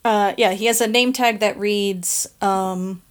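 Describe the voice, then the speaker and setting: A woman running a tabletop game as game master, narrating with frequent laughs and halting fillers. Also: mid-range voice, steady tone.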